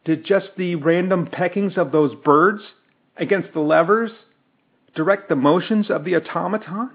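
A man's voice: a little high, big pitch swings, moderate pace, pitched above the performer's own voice. Stern army captain, voiced by a man, shaken and indignant; thin phone-like audio. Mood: frightened, angry.

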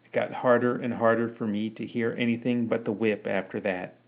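A man reading his own novel aloud as a podcast narrator, in a measured, unhurried way. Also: medium pitch, fairly even intonation. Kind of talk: audiobook narration. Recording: tinny phone-like sound.

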